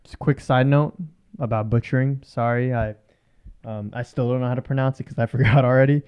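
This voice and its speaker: A laid-back young man in his twenties co-hosting a casual podcast chat. He speaks at a middle pitch, laughs easily and fills his talk with "like." The recording sounds a little muffled. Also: fairly even intonation, a little fast, clear, resonant tone. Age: 20s. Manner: laid-back, laughs often, says "like" a lot. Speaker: podcast co-host.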